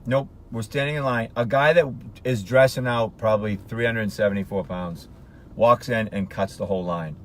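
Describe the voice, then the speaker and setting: A man's voice: fairly low pitch, moderate pace. Middle-aged comic guy from maine cracking jokes in a car, faint hum behind. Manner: joking storyteller, animated. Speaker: comedian guest. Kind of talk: casual chat. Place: inside a car.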